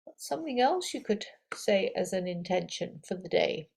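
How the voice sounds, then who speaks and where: A woman yoga teacher gently leading affirmations and breathing for a guided meditation. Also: medium pitch, animated, creaky, breathy edge. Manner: gentle, slow, encouraging, with audible breaths.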